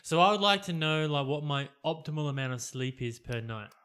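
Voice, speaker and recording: A man on a podcast, calmly laying out an idea in casual chat, earnest and dotted with fillers. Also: a little high, brisk, a crowd in the background. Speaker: podcast co-host.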